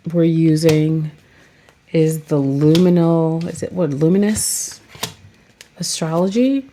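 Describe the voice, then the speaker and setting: A tarot reader and vlogger casually chats about her tarot decks, rambling along and saying "like" a lot. Her voice is low-pitched and mellow, with slight background noise.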